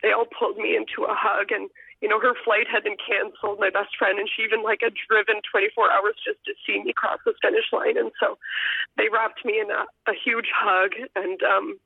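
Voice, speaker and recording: A woman's voice: medium pitch, flat delivery, normal speed, creaky, husky, no room sound. A young adult woman, an elementary school teacher, telling a personal story in an earnest, heartfelt way as a guest over the phone. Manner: earnest, heartfelt, sometimes choked up. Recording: tinny phone line, dry.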